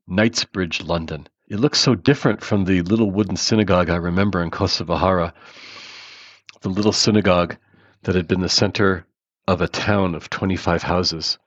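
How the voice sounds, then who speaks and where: Low-voiced man reading a story. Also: no room sound, muffled recording. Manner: measured, earnest reading with small restarts. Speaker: narrator. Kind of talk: first-person story reading.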